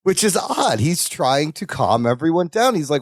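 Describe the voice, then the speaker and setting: A podcast co-host with a slightly high voice recaps an episode in casual chat at normal speed, acting out the characters' quoted lines in animated storytelling. The recording is studio quality with no echo.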